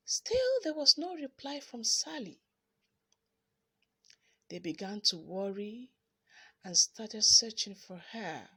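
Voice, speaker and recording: A woman reads a children's story aloud in a high, bright voice with a slight husk. She takes her time and swings her pitch widely, telling it in an expressive, dramatic way. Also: takes it slowly, pauses often, slightly rough.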